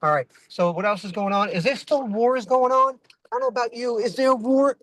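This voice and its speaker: Extremely high in pitch, brisk and a bit bright, the man's voice comes through a dry recording made in his car. He's an Italian-American comedian driving and rambling through stand-up material, repeatedly asking "what else is going on."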